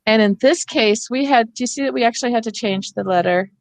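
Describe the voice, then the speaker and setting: A woman's voice: a little high, fast talker, dry recording. Patient woman walking teachers through steps. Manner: patient, step-by-step explaining. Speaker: reading teacher trainer. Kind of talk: teacher workshop instruction.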